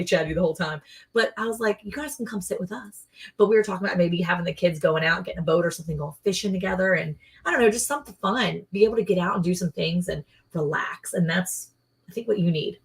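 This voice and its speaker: A woman co-hosting a casual livestream, chatty and rambling, often quoting people in lively voices. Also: fairly low pitch. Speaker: livestream co-host.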